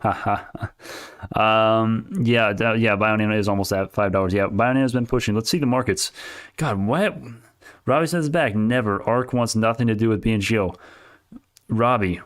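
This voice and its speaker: A young adult man giving casual, animated stock commentary on a live stream, arguing with chat and laughing often. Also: lowish voice, normal speed.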